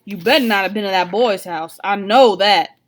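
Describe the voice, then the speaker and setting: A woman's voice: mid-range voice, moderate pace, close to an everyday voice. A woman reading aloud, voicing a blunt, protective father who talks in a casual, plainspoken way.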